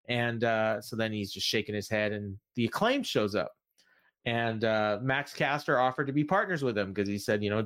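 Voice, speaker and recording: A man's voice: mid-range voice, fairly bright tone. A man co-hosting a wrestling podcast, recapping the week's shows in a loose, rambling way full of fillers and restarts. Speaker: podcast co-host. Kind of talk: casual wrestling recap chat.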